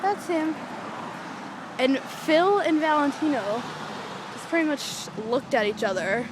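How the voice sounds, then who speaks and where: Young woman, casual vlog, rambling and excitable, higher voice, loud traffic noise around her. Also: takes it slowly. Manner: rambling, excitable, swears freely. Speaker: vlogger. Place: outdoors by a street with traffic.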